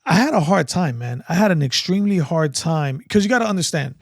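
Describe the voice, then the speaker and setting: A man, telling stories in an animated, casual way and acting out dialogue. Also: on the high side, fairly quick, dry recording, clean studio sound. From Brooklyn, New York. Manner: animated, acts out dialogue, many likes. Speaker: guest, veteran. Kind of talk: casual storytelling.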